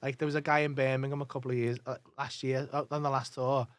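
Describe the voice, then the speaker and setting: Medium in pitch and recorded without any room sound, a man appears as a comedian guest on a podcast. He tells swear-heavy anecdotes at speed with lots of energy, acting out the quoted lines.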